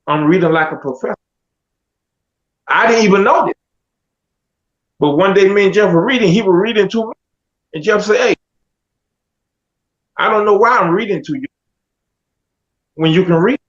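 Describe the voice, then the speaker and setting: A man with a high voice tells his life story in a loose, animated way, acting out friends and teachers as he goes. His speech is casual and full of slang. The recording sounds dull and lo-fi.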